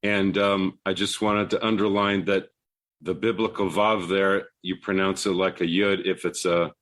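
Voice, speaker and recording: A man taking part in a Bible study class, a Torah reader who asks questions hesitantly, with many pauses. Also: low voice, level tone, fairly bright tone, slight background noise.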